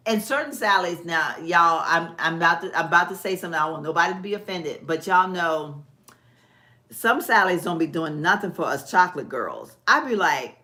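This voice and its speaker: A woman's voice: lowish voice, normal speed, sharp tone. A woman, hosting a casual live stream and chatting folksily with viewers while she does her nails. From Texas. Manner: chatty, folksy, laughs often, talks to viewers as "girl". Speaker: vlog host. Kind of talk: casual livestream chat.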